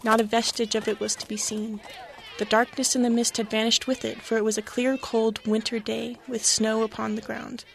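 A woman reading a classic story aloud in an expressive, dramatic way. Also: on the high side, moderate pace, vocal fry, slight background noise.

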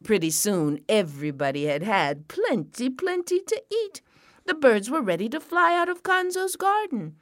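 A woman's voice: mid-range voice, very animated, normal speed, hardly any pauses, fairly bright tone, no room sound, studio quality. A woman telling a folk tale to families in a playful way, repeating words for rhythm and acting out sounds. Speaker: storyteller.

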